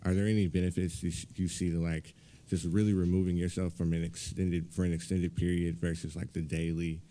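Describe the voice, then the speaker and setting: A man's voice: low voice, flat delivery, brisk, dark tone. A man interviewing a guest casually, hesitant and full of filler words.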